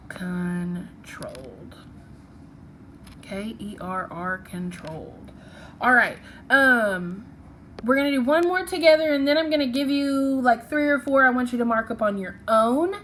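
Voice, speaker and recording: Slow, patient woman teacher. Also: a little high, a bit bright, a little hiss or hum. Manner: slow, patient, sounds out letters. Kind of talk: recorded phonics lesson.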